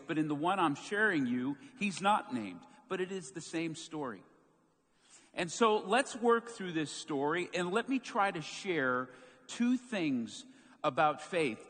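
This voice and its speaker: A man preaching a sermon as pastor, telling a story with lively, acted-out moments. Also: a little high. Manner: animated storytelling, acts out quoted shouts. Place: church sanctuary. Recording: long church hall reverb.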